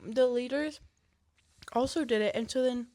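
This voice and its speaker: Chatty young woman, higher voice. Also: normal speed, dark tone. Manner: chatty, hesitant with many fillers. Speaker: podcast co-host. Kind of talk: casual family chat.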